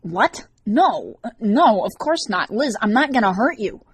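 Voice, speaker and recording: A woman's voice: a little high, sing-song, unhurried, slight background noise, voice pushed up. A woman voicing a brash, sardonic teenage male demon in an audiobook. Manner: wisecracking, defensive.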